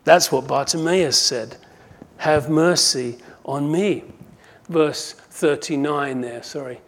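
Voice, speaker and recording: A man preaching a sermon, who acts out the quoted cries and moves from hushed asides to loud, impassioned calls. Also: a little high, slow. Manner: swings from hushed to shouting when quoting cries; dramatizes quoted voices.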